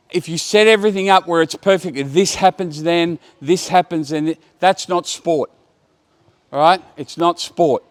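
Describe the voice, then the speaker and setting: A man running a basketball coaching clinic, giving brisk commands to players and explaining drills to the watching coaches. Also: high-pitched, fairly bright tone, smooth. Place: indoor basketball court.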